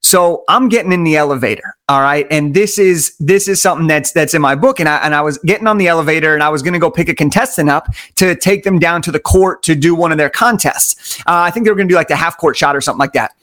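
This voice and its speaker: Male guest with a slightly high voice, an enthusiastic storyteller who hammers his points home. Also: fast talker, hardly any pauses. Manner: energetic, enthusiastic, emphatic repetition. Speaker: podcast guest. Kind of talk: conversational storytelling.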